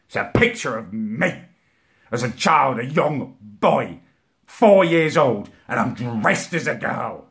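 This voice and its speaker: A man ranting in a comic monologue to camera. He is indignant, swears and repeats himself, and his voice swerves into shrill outrage. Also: big pitch swings, slow, vocal fry, fairly bright tone.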